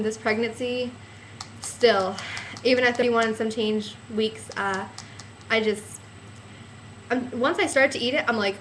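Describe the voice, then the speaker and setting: A young woman talking casually to her vlog, out of breath and close to tears, halting with sighs and nervous little laughs. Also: on the high side, a bit bright, a little hiss or hum. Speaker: vlogger.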